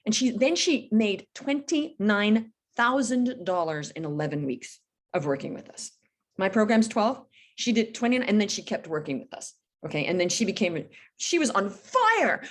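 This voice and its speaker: Blunt, emphatic middle-aged businesswoman. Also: on the high side. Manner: emphatic, blunt, acts out dialogue. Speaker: business coach guest. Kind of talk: casual podcast interview storytelling.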